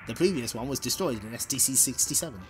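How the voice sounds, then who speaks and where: A man's voice: medium pitch, lively intonation, fast talker, soft background music. Swearing, laughing man reading comics aloud. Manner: laughs often, swears, breaks off to comment. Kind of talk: casual comic read-along with voices.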